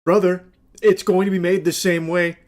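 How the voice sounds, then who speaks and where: High-voiced sarcastic male commentator. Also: flat delivery, moderate pace. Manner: sarcastic, exasperated, blunt swearing. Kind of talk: reaction commentary.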